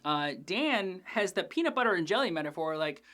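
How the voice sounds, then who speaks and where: Female host, lowish voice, casual profane episode recap with jokey asides. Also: sing-song, a little fast, fairly bright tone. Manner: chatty, profane, joking asides. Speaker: TV after-show host.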